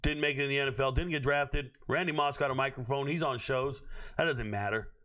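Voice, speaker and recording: A man's voice: medium pitch, fairly quick, sharp tone. A man hosting a live stream, ranting at his chat in a brash, profane, confrontational way.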